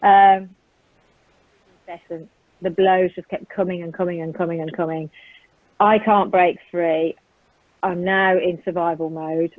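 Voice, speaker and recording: Her low voice moves a little slowly with fairly even intonation and frequent pauses as she vividly and earnestly recounts a violent attack. The British guest tells it in the present tense, peppered with ums, over a tinny, dry phone line without echo.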